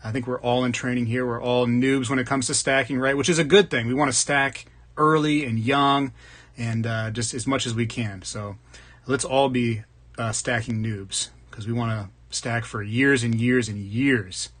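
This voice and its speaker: A man's voice: medium pitch, steady tone, normal speed, a bit bright. A man hosting a casual livestream, greeting viewers by name and joking along as he reads the chat. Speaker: livestream host. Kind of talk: casual live chat reading comments.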